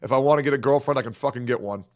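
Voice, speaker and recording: A man's voice: medium pitch, racing. A man streaming in a casual livestream, talking in a brash, profane, repetitive way.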